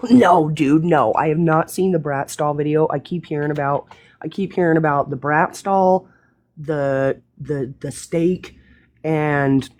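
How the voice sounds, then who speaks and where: A woman's voice: low-pitched, a little slow, no room sound. A woman hosting a live stream in casual chat, telling stories with frequent swearing and laughter. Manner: profane, laughing, animated storytelling.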